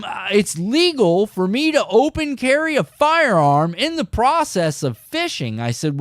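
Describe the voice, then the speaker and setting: Casual male fishing host, animated storyteller, very lively pitch, dry sound. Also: a little slow, hardly any pauses, dry recording. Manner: animated and emphatic, keeps saying "dude".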